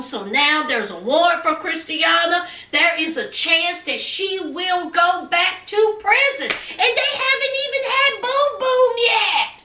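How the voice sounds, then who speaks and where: A high, bright-toned woman gives a sassy, unhurried rundown of a TV episode and keeps tossing teasing asides to her audience. She sits back from the mic in an echoey room. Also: expressive, recorded from a distance. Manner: chatty, colloquial, teasing asides to viewers. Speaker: TV recap vlogger. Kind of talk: sassy casual recap.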